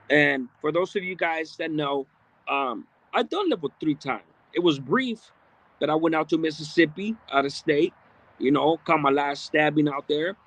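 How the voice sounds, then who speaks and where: A man's voice: fairly high pitch, fairly bright tone, no room sound. A man hosting a livestream, reading viewer comments aloud in a blunt, streetwise, casual way with frequent profanity. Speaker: livestream host.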